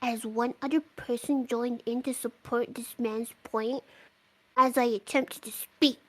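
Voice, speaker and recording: A woman with a husky, somewhat breathy voice pitched a little high reads a listener's letter aloud on a podcast. Her reading is expressive, and she curses when she stumbles over a word. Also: low-quality recording. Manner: expressive reading, slipping up and swearing at her mistakes. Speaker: letter reader.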